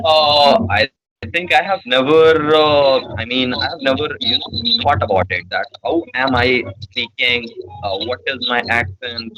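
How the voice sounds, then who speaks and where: A man's voice: mid-range voice, unhurried, crowd noise, low-quality recording. A man from Bihar with an Indian accent, answering interview questions in a hesitant way with many fillers. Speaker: guest.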